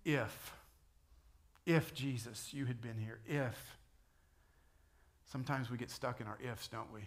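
A male pastor gives a sermon in a conversational tone, talking straight to his listeners. His voice sits at an ordinary middle pitch, and he lifts it loudly for the dramatic scripture quotes. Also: steady tone, unhurried. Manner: conversational preaching, rising to loud dramatic quotes.

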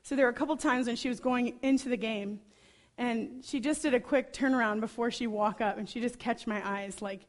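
A woman preaching a sermon, telling a story with chatty enthusiasm and lively asides. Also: a little high, brisk.

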